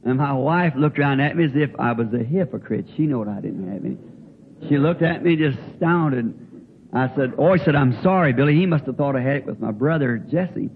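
Older male preacher, folksy halting storyteller, tinny lo-fi recording with faint hiss. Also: medium pitch, lively intonation. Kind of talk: folksy sermon anecdote.

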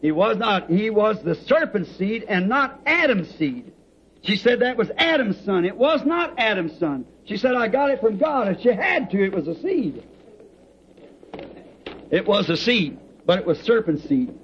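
Fervent preacher on old tape. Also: male voice, high-pitched, sing-song, measured pace, fairly bright tone, a little hiss or hum. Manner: fervent, rhythmic, storytelling with laughs. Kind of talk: sermon with congregation responses. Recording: dull lo-fi old tape recording.

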